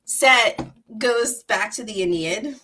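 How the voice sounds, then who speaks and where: A woman's voice: mid-range voice, slow pace, sharp tone, distant mic, slight background noise. A woman hosting a podcast, retelling myths in a rambling, profane, laugh-filled casual style. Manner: profane, rambling, laughs often, heavy use of 'like'. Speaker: podcast host. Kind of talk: casual comedic storytelling.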